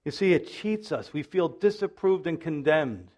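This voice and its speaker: A middle-aged man preaching a sermon as pastor, animated and acting out the voices of people he quotes, with self-deprecating humor. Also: a little high, moderate pace. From Italian-American background.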